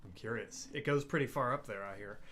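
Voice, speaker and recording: A man's voice: mid-range voice, fairly quick, a crowd in the background. A man chiming in with dry, teasing asides from away from the microphone as co-host. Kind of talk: casual off-mic asides.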